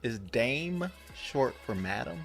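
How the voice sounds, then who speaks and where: A man's voice: medium pitch, big pitch swings, takes it slowly, gravelly, fairly bright tone, faint music behind. A man co-hosting a podcast, asking curious questions and musing aloud in casual chat. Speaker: podcast co-host.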